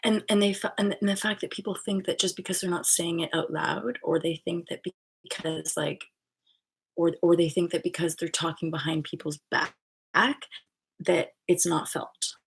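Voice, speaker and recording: A woman's voice: on the low side, steady tone, normal speed, vocal fry, breathy edge. A woman hosting her own channel, talking in a rambling, casual spiritual monologue full of fillers, restarts and swearing. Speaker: channel host.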